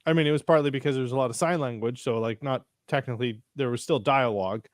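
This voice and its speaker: A man's voice: medium pitch, fast talker, no room sound, clean studio sound. A man co-hosting a podcast in casual chat, rambling and swearing freely, often trailing off into fillers. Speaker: podcast co-host.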